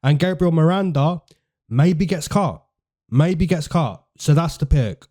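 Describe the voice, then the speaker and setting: A man's voice: fairly high pitch, measured pace, mellow. A man hosting fight predictions in casual, chatty commentary, repeating phrases for emphasis and using slang.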